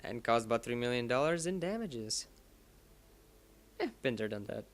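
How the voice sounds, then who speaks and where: A man's voice: medium pitch, expressive, moderate pace. A man giving let's-play commentary over a racing game, rambling and joking at his own expense. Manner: rambling, self-mocking, jokey.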